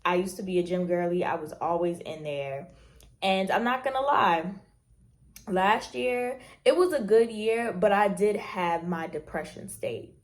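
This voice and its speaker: A woman's voice: lowish voice, unhurried. A young woman in nursing school chatting candidly to camera, acting out little quoted exchanges as she tells her story. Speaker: nursing student vlogger. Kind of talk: casual chat to camera.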